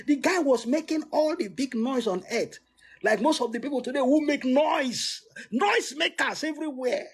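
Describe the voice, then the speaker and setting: A man giving a motivational talk with emphatic swoops in pitch, frequent restarts and laughs between points. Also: normal speed. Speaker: motivational speaker.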